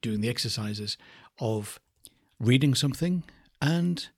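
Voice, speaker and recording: A man teaching a voice lesson, speaking slowly and thoughtfully and demonstrating different word stress. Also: medium pitch, expressive. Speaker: voice coach. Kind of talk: reflective spoken lesson.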